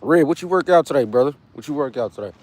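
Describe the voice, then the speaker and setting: A man's voice: a little high, expressive, fast talker, darkish tone. A man from California, hosting a casual fitness livestream and chatting loosely with his viewers. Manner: laid-back, chatty, greets viewers by name.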